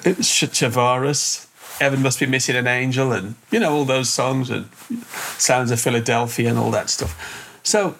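A man's voice: medium pitch, moderate pace, creaky, a bit bright, slight background noise. An older man telling a story as an interview guest, rambling and restarting with lots of fillers. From England. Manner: rambling, repeats words, many fillers. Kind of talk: casual storytelling.

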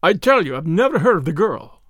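A man's voice: high-pitched, big pitch swings, brisk, fairly bright tone, no echo, clean studio sound, full character voice. A man voicing a frightened, sullen conspirator in an audiobook, pleading and evasive. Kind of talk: audiobook character voice.

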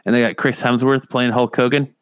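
A man hosting a casual podcast chat, talking in a relaxed, easygoing way. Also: mid-range voice, brisk, smooth, no room sound.

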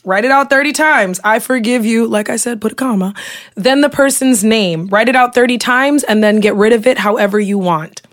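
A young woman with a slightly high voice co-hosts a casual podcast from a studio. She speaks candidly, swears freely and breaks into laughter often. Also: a little fast. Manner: candid, profane, laughs a lot. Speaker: podcast co-host. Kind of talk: casual chat.

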